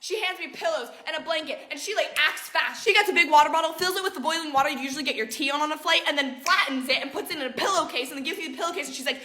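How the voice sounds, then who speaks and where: Fast, bright-voiced young woman vlogger. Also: high voice. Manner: animated, dramatic retelling, acts out other people's lines. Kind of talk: casual storytime vlog.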